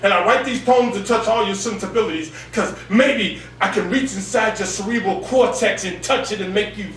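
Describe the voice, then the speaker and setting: A man with a baritone voice performing spoken word poetry at an open mic, with a rhythmic delivery that keeps coming back to a refrain. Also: normal speed, fairly bright tone. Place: cafe gallery open mic stage. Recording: echoey room, far from the mic, faint hum.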